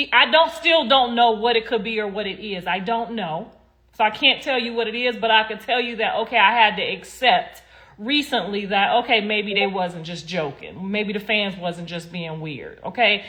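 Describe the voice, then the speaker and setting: A woman's voice: mid-range voice, fairly bright tone. A middle-aged woman from the United States, a guest in a candid interview, talking bluntly and animatedly, with mocking impressions.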